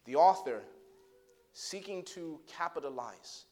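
Male pastor, high voice, storytelling sermon, swings from quiet to impassioned, asks the congregation questions. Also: expressive, slow. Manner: swings from hushed storytelling to loud impassioned preaching; addresses congregation directly with rhetorical questions.

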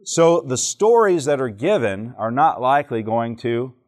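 A man's voice: mid-range voice, expressive, a little slow, a little mellow. Joking man teaching a church crowd. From Alabama, southern United States. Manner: joking storyteller who quizzes the audience. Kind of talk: teaching talk to a live audience.

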